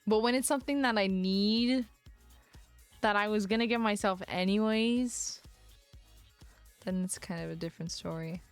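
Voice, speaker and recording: A woman's voice: medium pitch, moderate pace, long pauses, smooth, soft background music. A young woman livestreamer chatting casually, telling stories with lots of laughter and the odd swear. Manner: animated storytelling, frequent laughter and swearing. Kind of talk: casual chat.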